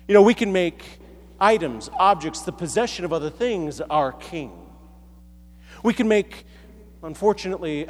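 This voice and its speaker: An American man preaching a sermon in a large hall, conversational and self-deprecating, with frequent restarts. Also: on the high side. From United States. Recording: echoey hall.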